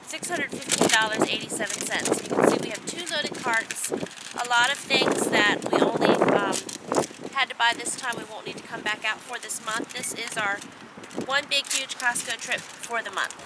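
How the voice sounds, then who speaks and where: A woman's voice: a little high, moderate pace, heavy background noise. A woman casually narrating a family vlog, chatty and upbeat with frequent fillers. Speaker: vlogger, mother of a large family.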